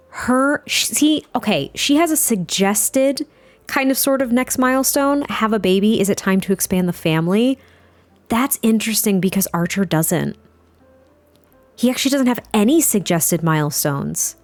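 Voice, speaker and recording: Excitable young woman narrating gameplay. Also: medium pitch. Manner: excitable, chatty, with frequent gasps and laughs. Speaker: let's play gamer. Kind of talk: gameplay commentary.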